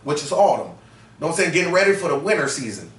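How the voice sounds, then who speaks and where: Leading a scripture study, a man teaches in an emphatic, slangy street-preaching style, often tacking on "man" and "you know what I'm saying." His fairly high, slightly bright voice is very animated and racing, picked up with a roomy, distant sound.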